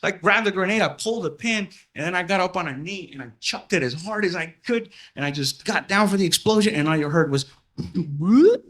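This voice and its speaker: Male stand-up comic, lively storyteller, bright edge in the voice, house party set. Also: sits high, fast, hardly any pauses. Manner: animated, acts out voices in stories. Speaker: stand-up comedian.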